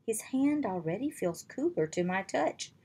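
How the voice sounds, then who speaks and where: A woman reading aloud, voicing a gentle queen who speaks softly with hope in a storybook. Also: medium pitch, big pitch swings, moderate pace, slightly rough. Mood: hopeful. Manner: soft, hopeful.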